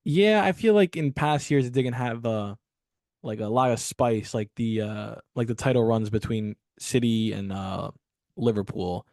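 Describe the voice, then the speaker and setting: A laid-back man in his own mid-pitched voice, ribbing his co-host during a casual football podcast. The sound is dry and close to the mic. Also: measured pace, darkish tone, dry recording.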